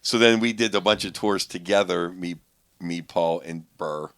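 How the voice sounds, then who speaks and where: A middle-aged man with a very low voice talks in a loose, rambling way, restarting his sentences as he tells road stories on a podcast. The sound is close and dry, with no room around it. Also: moderate pace, a bit bright, no echo. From Pittsburgh. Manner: rambling, many restarts and filler words. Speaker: guest comedian. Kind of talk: casual podcast chat.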